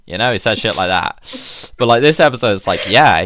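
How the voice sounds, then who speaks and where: A man's voice: mid-range voice, sing-song, fairly quick, fairly bright tone, no echo, clean studio sound. A man co-hosting a podcast in casual chat, rambling, laughing often and swearing freely. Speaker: podcast co-host.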